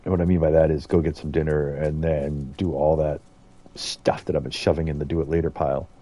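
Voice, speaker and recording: A man's voice: rumbling low, little pitch movement, a little fast, mellow. A middle-aged man from the United States giving rambling, casual commentary as he streams a game and chats to viewers. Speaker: gaming streamer.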